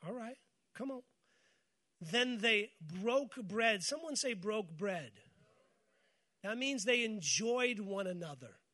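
A man with a high, light voice preaches a morning sermon. He keeps calling on the congregation to repeat his words back to him, and he mixes scripture with joking stories. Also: lively intonation, slow, long pauses, sharp tone. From United States. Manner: call-and-response with congregation, storytelling with humor. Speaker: pastor.

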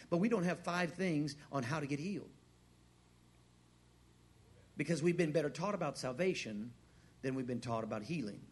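A man preaching a sermon, asking the crowd questions, repeating his words and swinging from hushed to loud. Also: a little high, breathy edge. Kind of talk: sermon with a personal story.

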